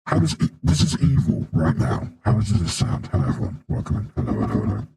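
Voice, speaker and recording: A British man with a deep evil-demon voice filter, testing it while chatting on a live stream. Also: quick pace, gravelly, very noisy, exaggerated voice. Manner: testing, distracted, flat remarks.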